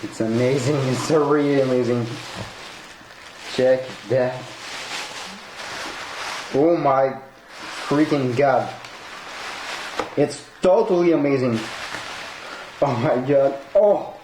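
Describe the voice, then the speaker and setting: A man who is not a native English speaker, unboxing a collectible, excitable, laughing often and swearing in broken English. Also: mid-range voice, slow, long pauses. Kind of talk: unboxing vlog. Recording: echoey room with noisy background.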